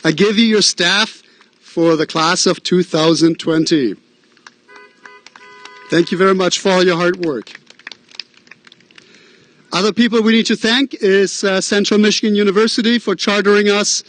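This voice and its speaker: Sitting high in pitch with a fairly bright tone, the principal's voice moves at a moderate pace broken by long pauses. He's a man with a Midwestern American accent welcoming graduates at an outdoor drive-in ceremony, earnest and encouraging, with fillers and self-deprecating asides.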